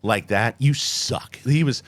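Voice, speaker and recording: A man's voice: medium pitch, slow, no room sound. A man hosting a casual chat, telling an anecdote animatedly and acting out both sides with laughs. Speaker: host.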